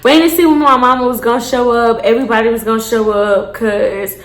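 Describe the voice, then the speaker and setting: A young woman with a slightly high voice tells a story straight to her viewers, animated and blunt. She swears freely and throws in slangy asides. The room gives her voice a noticeable echo. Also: quick pace. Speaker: storytime vlogger. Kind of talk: casual storytime monologue. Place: indoors, seated on a chair.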